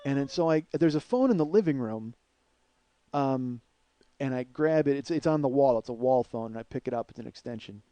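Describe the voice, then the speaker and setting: A man's voice: medium pitch, lively intonation, a little fast, mellow, no room sound. A man in his forties hosting a comedy podcast, telling a story with plenty of swearing and "uh"s. His voice sits in an ordinary middle register. It's recorded close and dry, with no room sound at all. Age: 40s. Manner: profane, rambling, with filler words.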